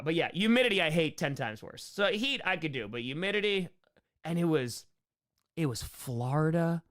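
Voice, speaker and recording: Joking young man answering live chat. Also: fairly high pitch. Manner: joking, rambling, quick asides. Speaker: streamer answering chat questions. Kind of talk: casual live-stream Q&A.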